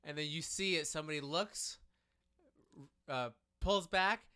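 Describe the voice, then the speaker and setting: A man co-hosting a casual political chat podcast, talking in an animated way and restarting his sentences often. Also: on the high side, unhurried, clear, resonant tone. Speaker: podcast co-host.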